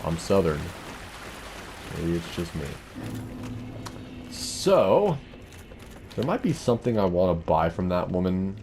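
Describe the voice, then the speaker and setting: A man's voice: low voice, big pitch swings, measured pace, pauses often, a little mellow, a little hiss or hum. A man giving casual, rambling commentary over a video game, drifting off topic and swearing now and then. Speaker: let's play commentator.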